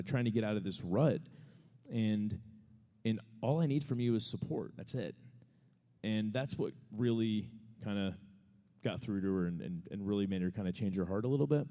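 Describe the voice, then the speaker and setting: A man's voice: on the low side, mellow, long reverb tail. A man co-hosting a live podcast, answering an audience question in a casual, rambling storytelling way, laughing often. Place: large venue before a live audience.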